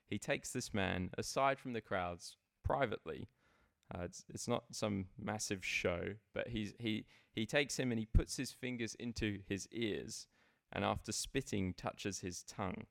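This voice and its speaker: A man delivers a sermon in an earnest, reflective way, often circling back to restart a phrase. His voice sits a little low and carries a gravelly edge. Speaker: preacher.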